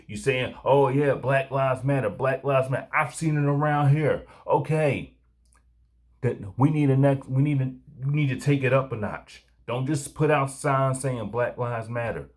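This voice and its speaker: A man's voice: mid-range voice, a little mellow. A man hosting a commentary show, reacting to a clip and urging listeners to act, stacking repeated calls to action.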